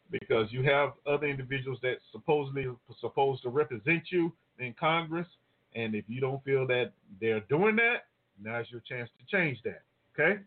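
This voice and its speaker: A male call-in show host wrapping up his episode in a relaxed, chatty way, laughing easily as he thanks his listeners. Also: medium pitch. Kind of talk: casual show sign-off. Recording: tinny phone-line audio.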